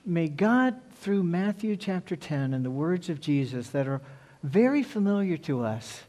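A man's voice: on the high side, sing-song, measured pace, hardly any pauses, mellow. A male pastor preaching a sermon earnestly, repeating key phrases for emphasis.

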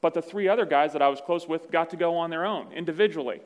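A man preaching a sermon, telling a personal story in a relaxed, self-deprecating way. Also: fairly high pitch, quick pace, big-room sound. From Virginia, USA. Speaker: pastor. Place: church sanctuary.

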